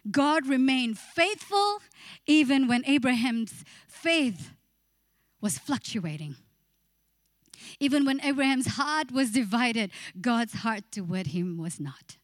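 High-voiced woman preaching a lively sermon. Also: slow, no echo, clean studio sound. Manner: passionate, acts out inner voices, sings briefly. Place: church.

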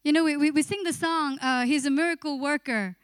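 Female preacher, high voice, dry close sound, animated sermon delivery. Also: fairly quick, no echo. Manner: passionate, acts out inner voices, sings briefly. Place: church.

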